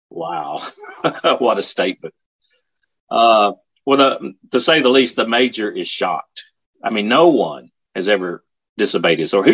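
A man tells a story in an earnest, emphatic way, stopping and repeating himself as he goes. His voice sits very low and has a husky edge. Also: a little slow, a bit bright. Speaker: speaker telling his father's war story. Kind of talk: storytelling talk.

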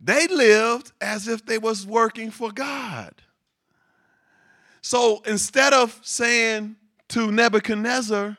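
A man preaches slowly in a high-pitched voice, reciting scripture and then launching into lively, laughing asides that lean on repeated words for emphasis.

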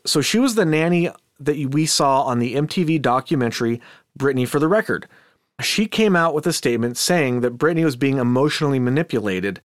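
A man's voice: mid-range voice, dry recording, clean studio sound. A man hosting a casual commentary podcast, chatty and skeptical, talking with asides and restarts. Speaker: podcast host.

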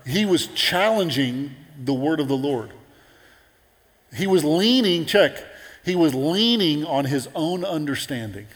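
A man preaching a sermon in an animated, conversational way with playful asides. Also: a little high, a little slow, in a large hall.

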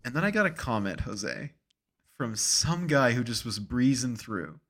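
A young man co-hosting a podcast in casual chat, rambling through stories with deadpan jokes. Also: medium pitch, unhurried. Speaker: podcast co-host.

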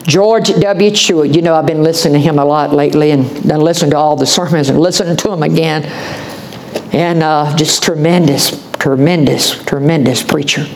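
A man's voice: on the high side, steady tone, moderate pace, slight background noise, low-quality recording. A man preaching a sermon as pastor, impassioned, folksy and repetitive.

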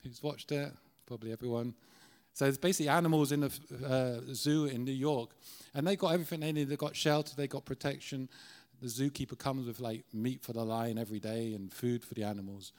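A middle-aged Irish man gives a sermon from the pulpit of a church, in an earnest, conversational way. His voice sits at an ordinary pitch, and he often restarts his sentences as he pushes a point. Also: steady tone, brisk, darkish tone. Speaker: guest preacher.

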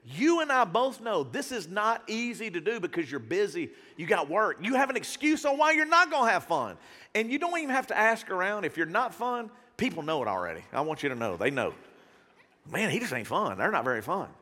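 A middle-aged man preaching a folksy, lively sermon to a congregation and acting out the voices he quotes. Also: high-pitched, fairly quick. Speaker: pastor. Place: church hall. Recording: reverberant hall.

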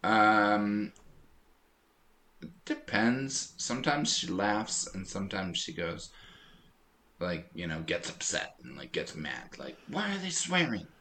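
A man co-hosting a podcast in casual chat, telling animated stories and laughing often. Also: on the low side, slow, slight background noise. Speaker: podcast co-host.

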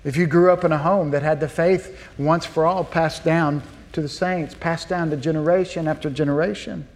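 Male pastor, earnest sermon delivery, slightly high pitch, big reverberant hall. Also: fairly even intonation, moderate pace. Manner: earnest, asks the listeners rhetorical questions. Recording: long reverb of a large hall.

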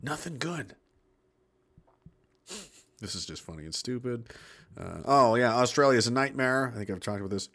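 A man's voice: mid-range voice, expressive, moderate pace, long pauses, a bit bright. Indignant man ranting. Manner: indignant, sardonic, swears freely. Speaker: political commentator. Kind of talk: ranting political vlog.

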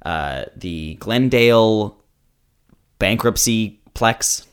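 Man, canadian, podcast co-host, jokey casual chat, lively pitch. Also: extremely slow, clean tone. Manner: animated, jokey and mock-declarative.

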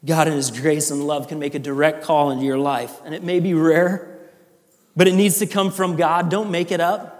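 A man's voice: a little high, level tone, moderate pace. A man from Iowa preaching a sermon, earnest and conversational with frequent fillers and restarts. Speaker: pastor. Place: church sanctuary. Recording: long hall reverb.

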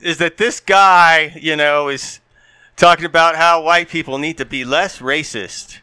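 A man co-hosting a podcast, talking loosely and laughing often between half-finished thoughts. His voice is bright and crisp, recorded close and dry. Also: on the high side, fairly even intonation, unhurried, no room sound. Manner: laughs often, trails off and restarts mid-story. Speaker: podcast co-host. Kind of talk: casual chat.

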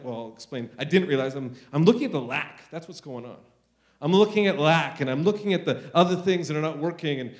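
A middle-aged man preaching a sermon, intense and earnest, moving between quiet confessions and loud declarations. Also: a little high. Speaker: pastor.

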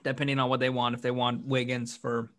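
A man's voice: mid-range voice, monotone, a little fast, fairly bright tone. Rambling man hosting a sports podcast. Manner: rambling, restarts often, upbeat. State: hiccuping. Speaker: podcast host. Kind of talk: casual sports podcast chat.

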